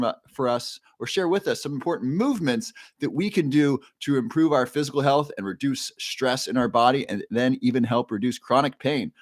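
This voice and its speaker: A man's voice: medium pitch, no echo, clean studio sound. Upbeat man hosting a livestream. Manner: upbeat, greets viewers by name, frequent fillers. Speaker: livestream host. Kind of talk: casual livestream chat, reading viewer comments. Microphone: new microphone.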